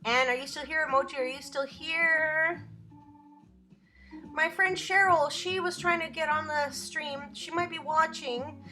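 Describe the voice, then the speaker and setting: Bright, high-voiced, giggly woman streaming. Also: a little slow, faint music behind. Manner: chatty, giggly, rambling. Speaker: live streamer. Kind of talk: casual live stream chat. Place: at home.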